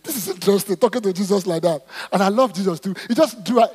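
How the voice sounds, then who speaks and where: A man preaching a sermon, reading scripture and calling on the congregation to respond, swinging between loud exclamations and soft asides. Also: high-pitched, quick pace, husky. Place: church auditorium. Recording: long hall reverb in church auditorium.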